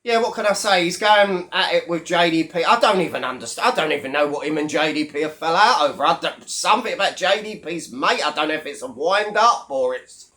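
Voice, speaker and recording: A man's voice: a little high, brisk, hardly any pauses, sharp tone. A man giving a blunt, mocking commentary on a video channel, swearing heavily as he rants. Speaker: YouTube commentator. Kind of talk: ranting commentary vlog.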